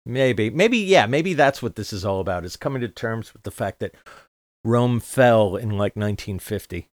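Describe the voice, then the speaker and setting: A man co-hosting a casual podcast, halting and searching for words, with casual swearing. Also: on the low side, lively intonation, dry recording, clean studio sound. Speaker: podcast co-host. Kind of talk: casual chat.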